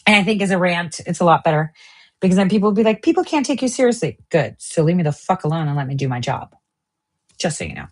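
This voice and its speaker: Furious, a woman hosting an online news stream rants at a fast clip, heavy on profanity. She swings between sharp shouted outbursts and low mutters in a heated tirade.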